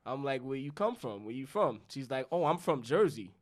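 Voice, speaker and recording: A man's voice: mid-range voice, big pitch swings, normal speed. A young man from New York, a podcast co-host, telling a loose, profane story in casual chat and acting out both sides of the dialogue. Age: young adult.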